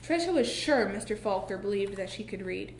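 Woman reading a storybook in an echoey room. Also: medium pitch. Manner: expressive, with slow dramatic pauses. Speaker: narrator. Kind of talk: reading a children's book aloud. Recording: echoey room with faint hiss.

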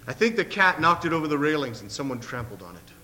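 A man's voice: on the high side, very animated, fast talker, crowd noise, pitched above the performer's own voice. A man reading the lines of a lonely, hurt boy who answers sullenly and mutters near tears, in a long-echoing hall with a faint hum.

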